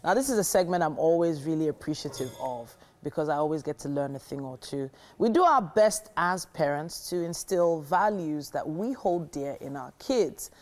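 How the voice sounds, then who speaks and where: A woman co-hosting a studio morning show, chatty and quick to laugh. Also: deep voice, lively intonation. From Nigeria. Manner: warm, laughs often, chatty. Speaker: breakfast show co-host. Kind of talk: studio talk show chat.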